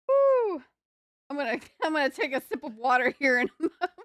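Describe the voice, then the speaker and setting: Giggling often, a young livestreamer at her computer desk chats casually and rambles to herself while building. She speaks with a northern US accent hinting at a Southern drawl, in a high-pitched, slightly bright voice captured at studio quality with no room sound.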